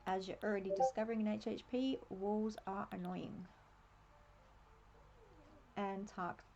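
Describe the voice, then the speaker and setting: An Australian woman streaming a game, chatting and thinking aloud in a relaxed, laughing way. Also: mid-range voice, normal speed, lo-fi sound, a little hiss or hum. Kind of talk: casual live-stream commentary.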